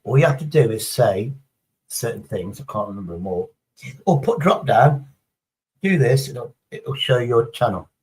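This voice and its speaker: A man's voice: medium pitch, sing-song, normal speed, darkish tone, poor audio. A man chatting casually on a live stream, rambling through a story and swearing heavily as he reads the chat.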